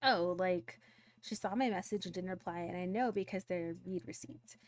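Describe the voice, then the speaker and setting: A woman's voice: fairly low pitch, normal speed, dry recording, close to an everyday voice. A woman voicing an upset teenage girl who rambles and vents to her dad while reading a game's dialogue aloud. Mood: hurt, venting. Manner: rambling, exasperated storytelling.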